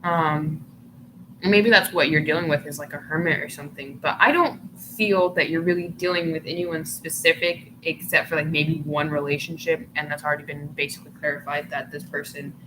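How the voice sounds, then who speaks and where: A woman's voice: deep voice, steady tone, fairly quick. Chatty woman doing a tarot reading. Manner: chatty, filler-heavy, often says "like"; breaks into giggles. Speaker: tarot reader. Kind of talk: casual tarot reading for viewers. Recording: noticeable background noise.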